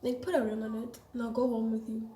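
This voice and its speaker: A young woman with a South African accent and a bright, high voice, chatting in an animated, slang-heavy storytelling style. She is recorded in a roomy space that adds a clear echo to her voice. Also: fairly quick, a little hiss or hum. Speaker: vlogger. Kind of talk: casual storytelling to camera. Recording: echoey room.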